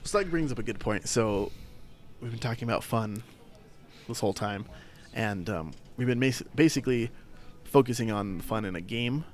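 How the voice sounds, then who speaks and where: A man hosting a podcast in casual chat, easygoing and quick to laugh, with lots of fillers. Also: fairly low pitch, lively intonation. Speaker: podcast host.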